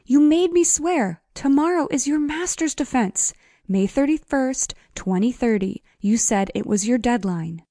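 A woman's voice: a little high, lively intonation, unhurried, few pauses, mellow, dry recording, clean studio sound. A woman voicing a bossy, determined young woman friend in an audiobook, insistent and commanding.

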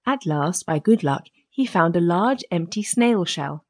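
Husky-voiced woman reading a fairy tale. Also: lowish voice, unhurried. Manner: steady storytelling. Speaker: audiobook narrator. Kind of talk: scripted fairy-tale narration.

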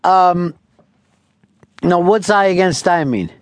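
A male radio host talks in brash, profane banter, laughing easily. His voice sits high for a man, and the sound is dry and close with no room to it. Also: slow, no room sound.

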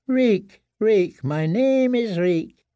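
A man voicing a broken, terrified male prisoner who whimpers and pleads in a thin, high voice while crying. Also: steady tone, drawn-out words, no echo, muffled recording, full character voice. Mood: tearful.

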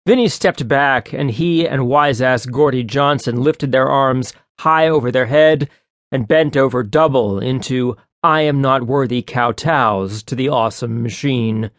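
A man narrating an audiobook in a brisk, wry storytelling manner, close to a studio mic. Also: medium pitch, no echo.

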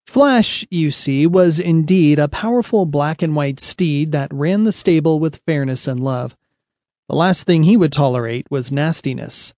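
A man narrating a children's audiobook in a lively storytelling manner. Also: fairly high pitch, moderate pace, no echo.

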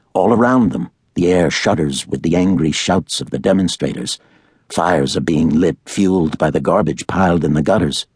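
A man narrating a thriller audiobook in a measured, dramatic way. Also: sits low, darkish tone, breathy edge, no echo, clean studio sound.

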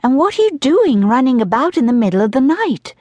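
A woman's voice: big pitch swings, a little fast, no echo. A woman narrator voicing a spirited, slightly peevish young girl in an audiobook. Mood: curious. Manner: higher and brighter than the narration. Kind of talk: audiobook character voice.

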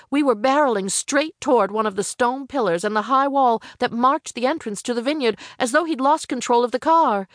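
A woman narrating a first-person novel in a measured, even storytelling manner. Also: a little high, no echo, clean studio sound. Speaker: audiobook narrator.

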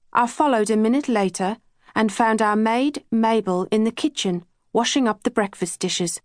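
A woman reading a first-person novel aloud, measured and even, on a close studio mic. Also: medium pitch, dry recording. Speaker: audiobook narrator. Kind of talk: scripted narration.

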